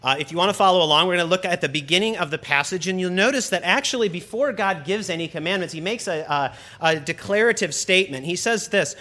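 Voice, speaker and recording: A man's voice: sits high, fast, sharp tone. A young man preaching a sermon, conversational and joking with the congregation. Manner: conversational, humorous asides to the congregation.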